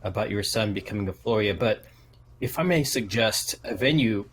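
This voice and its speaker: A man's voice: lowish voice, animated, normal speed, slight background noise. A man playing a polite, formal cafe owner. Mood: courteous. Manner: overly formal, courteous.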